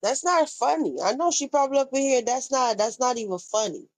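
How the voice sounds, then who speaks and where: A woman's voice: sits high, animated, fairly quick, no echo, rough recording. A young woman, chatting casually on a live stream, reacting to viewer comments and retelling gossip. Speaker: livestream host.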